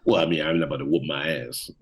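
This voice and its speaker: Real deep dude just musing on a podcast call, chill and cussing. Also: male voice. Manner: laid-back, profane, musing. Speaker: podcast co-host. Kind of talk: casual chat. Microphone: remote call setup.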